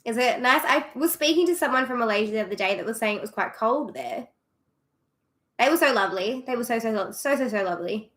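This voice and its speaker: Bright, giggly Australian woman streamer. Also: a little high, animated, quick pace. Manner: chatty, giggly, self-deprecating. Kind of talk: casual livestream chat with viewers.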